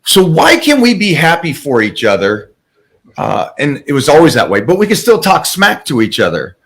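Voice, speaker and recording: A man's voice: on the high side, wildly swooping pitch, moderate pace, gravelly, a bit bright. A man hosting a casual chat, talking in an earnest, heartfelt, rambling way.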